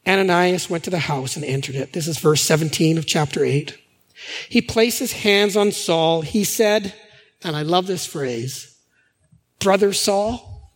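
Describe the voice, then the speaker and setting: A male pastor giving a sermon in a conversational, animated storytelling manner. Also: a little high, moderate pace, long reverb tail.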